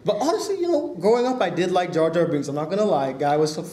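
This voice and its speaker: A man's voice: high-pitched, lively intonation, fast, warm tone, echoey room. A man hosting his own channel, chatting eagerly with fillers as he runs an amateur interview.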